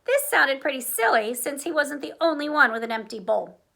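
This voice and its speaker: A woman reading a children's picture book aloud in an expressive, animated way. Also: high voice, a little fast, gravelly. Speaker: storyteller. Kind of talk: children's story read-aloud.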